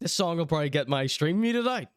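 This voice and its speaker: A man's voice: on the high side, animated, fast talker, soft background music. A man giving teasing, chatty live-stream commentary on clips. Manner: teasing, chatty, mock-outraged asides.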